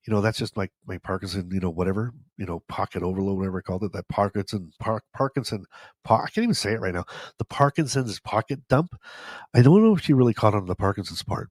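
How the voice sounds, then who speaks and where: In a lowish, somewhat dark voice, a stuffy-nosed man hosts a podcast and tells stories casually. His monologue is joking and self-deprecating, recorded with no room sound.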